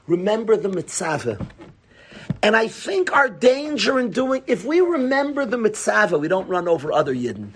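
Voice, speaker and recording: A man giving an animated Torah class. He talks emphatically, repeats key phrases and asks rhetorical questions. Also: high voice, moderate pace, a little hiss or hum.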